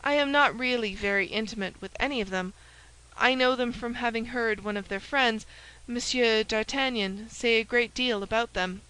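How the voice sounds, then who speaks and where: A woman voicing a cunning, scheming woman who speaks with a smooth, falsely sweet warmth. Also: a little high, normal speed, rough recording. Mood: evasive.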